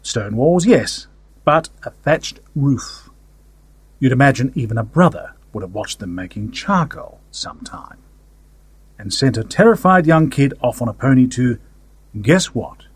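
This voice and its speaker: Guy reading a story out loud, husky voice, wry and chatty, lots of ups and downs. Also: medium pitch, lively intonation, measured pace, dry recording. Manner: wry, conversational first-person storytelling. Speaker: story narrator. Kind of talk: audiobook fiction reading.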